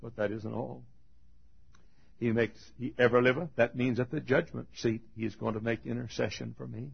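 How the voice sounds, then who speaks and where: A man preaching a fiery funeral sermon, swinging from shouted high cries to hushed low tones and laughing between phrases, in a dull lo-fi recording. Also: steady tone, moderate pace, creaky, breathy edge.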